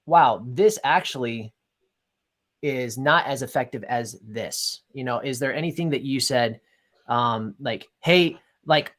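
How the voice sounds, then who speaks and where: A man's voice: mid-range voice, a bit bright. A man hosting an interview, asking long, rambling questions that he keeps restarting. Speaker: podcast host.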